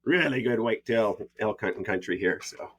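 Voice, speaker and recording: A man, a podcast guest telling stories in a relaxed, rambling way with frequent laughs. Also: lowish voice, brisk. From Canada. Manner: easygoing, rambling, laughs often. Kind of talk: casual storytelling.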